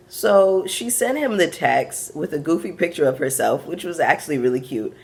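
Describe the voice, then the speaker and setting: A woman's voice: low-pitched, expressive, moderate pace, creaky, hardly any pauses, a little mellow. A young woman from Brooklyn with a Caribbean-tinged Brooklyn accent, recapping reality TV in sassy, frank asides to her viewers. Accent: Brooklyn with a Bajan and Caribbean patois touch. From Brooklyn, USA. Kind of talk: casual recap commentary.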